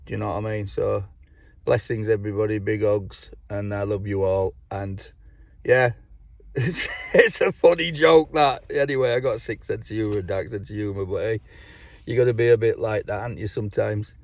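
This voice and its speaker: A man's voice: fairly low pitch, little pitch movement, a little fast, gravelly, mellow, no room sound. Rambling, swearing man. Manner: rambling, swears a lot, laughs at his own jokes. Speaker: vlogger. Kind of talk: casual joke-telling to camera.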